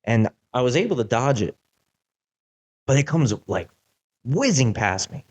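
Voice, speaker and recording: A young man hosting a podcast, telling a casual story in an animated way, with lots of "like" fillers. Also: medium pitch, measured pace. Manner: animated, acts out quotes, many "like" fillers. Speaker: podcast host.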